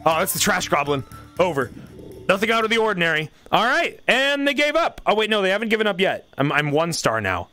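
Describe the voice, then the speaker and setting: A man streaming a video game, commenting casually, excitable and swearing as he yells at the game. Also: sits high, a little fast, soft background music.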